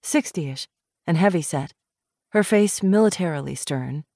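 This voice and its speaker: A woman reading a novel aloud in measured, expressive scripted narration. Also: sits low, dry recording, clean studio sound. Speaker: audiobook narrator.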